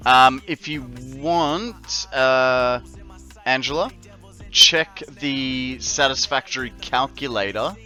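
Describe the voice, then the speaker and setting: Australian man, casual streamer, slow unhurried delivery, bright tone, faint music behind. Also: mid-range voice. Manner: jokey, chatty, many fillers. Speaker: game streamer. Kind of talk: casual live-stream chat.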